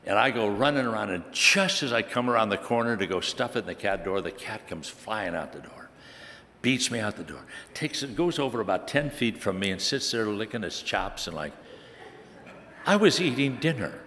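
A man's voice: fairly low pitch, animated, fairly quick, sharp tone, in a large hall, a little hiss or hum. A man preaching a sermon, telling a personal story with animation and building to emphatic preaching. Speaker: pastor.

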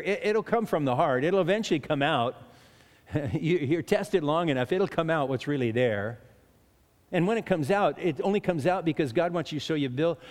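A man's voice: on the high side, darkish tone. A man preaching a sermon in a chatty way, often restarting and chuckling between points. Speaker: pastor. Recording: long hall reverb.

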